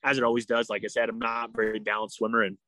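A man telling a story in a casual interview, animated and full of "like", acting out what people said. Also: medium pitch, very fast. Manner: animated, heavy use of "like", acts out quoted dialogue. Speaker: guest.

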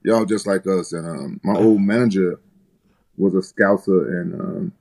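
A man from the United States speaks in a fairly low register, laid-back and loose as a talk-show guest. He rambles with frequent restarts and drops swear words freely. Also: measured pace, creaky, darkish tone, low-quality recording. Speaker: guest fighter. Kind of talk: casual interview storytelling.

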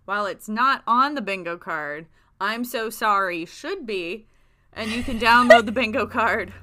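A woman's voice: medium pitch, bright, forceful tone. A woman podcast co-host chatting casually over a video call, wry and mock-grumpy with her friend. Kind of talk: casual chat. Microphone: podcast mic over video call.

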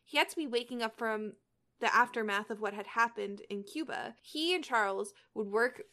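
A woman's voice: a little high, moderate pace, sharp tone. A young woman podcast host reading fan fiction aloud and chatting, hesitant with many fillers and restarts. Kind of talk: reading aloud and casual chat.

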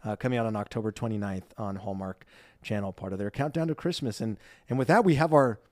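A man's voice: on the low side, fast talker, a little mellow, no room sound, clean studio sound. A man co-hosting a podcast, chatting in a bubbly, jokey way. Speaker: podcast co-host. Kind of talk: casual chat.

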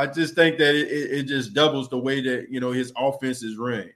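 A man's voice: medium pitch, steady tone, brisk, hardly any pauses, fairly bright tone. A man hosting a casual sports talk podcast. He talks in a loose, conversational way, often restarts his words, and reads out and answers listener comments. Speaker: podcast host.

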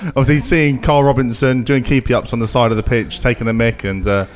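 Upbeat fan guest in a pub. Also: male voice, medium pitch, steady tone, brisk. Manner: upbeat, enthusiastic. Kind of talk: casual pub chat.

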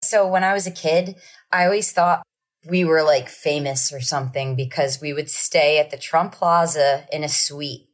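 Low-voiced woman telling stories. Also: normal speed. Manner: lively anecdotes with acted-out quotes. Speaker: musician guest. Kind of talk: casual storytelling.

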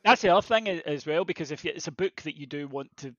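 Male co-host, higher register, emphatic sweary ranter, dry muffled lo-fi recording. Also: fast talker, fairly bright tone, dry recording. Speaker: podcast co-host. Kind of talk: casual chat.

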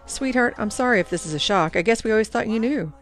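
A woman's voice: fairly high pitch, expressive, quick pace, voice pushed up. Woman narrator doing a worn-out mother, pleading, emotional, faint music. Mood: tender. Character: worn-out mother, tender then desperate.

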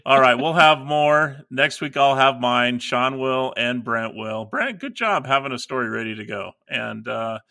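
A man's voice: medium pitch, animated, a little slow, gravelly, hardly any pauses, bright, forceful tone, no echo. A man co-hosting a podcast in casual chat, hesitant and laughing, with lots of fillers. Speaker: podcast co-host.

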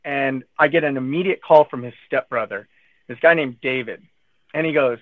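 Over a tinny phone line, a guest recounts his cancer diagnosis in casual conversation, animatedly acting out what friends and doctors told him. His voice is medium-pitched at a moderate pace, in a dry recording.

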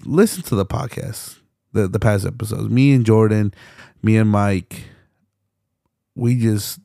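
A man's voice: lowish voice, a little slow, creaky, warm tone, no room sound, studio quality. A young man hosting a solo podcast, rambling passionately with lots of fillers, restarts and swearing. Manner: swears often. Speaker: podcast host.

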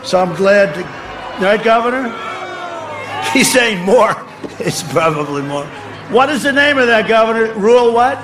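An older man giving a boastful, rambling campaign rally speech outdoors, ad-libbing to the crowd and often shouting. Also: sits high, animated, a little slow, pauses often. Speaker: political speaker at a rally. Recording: speech over a faint crowd and noisy ambience.

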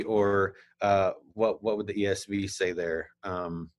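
A man hosting a podcast, reading scripture aloud and explaining it in a casual, halting way with asides. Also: sits low, steady tone. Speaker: podcast host. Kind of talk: casual Bible teaching.

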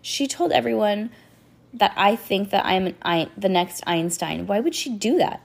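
A woman's voice: medium pitch, animated, moderate pace, creaky. A woman who is a little sick reading the lines of an upset, clever schoolboy from a children's book.

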